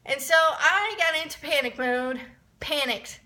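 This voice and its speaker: A young woman telling a rambling, excitable story in a casual vlog, often restarting her sentences. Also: sits high, unhurried. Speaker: vlogger.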